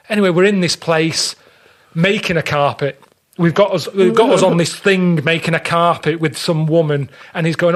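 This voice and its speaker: A fairly quick, slightly bright, higher-pitched male voice belongs to a podcast guest from England. He tells a story in casual chat, complaining bluntly and acting out the dialogue of the people in it.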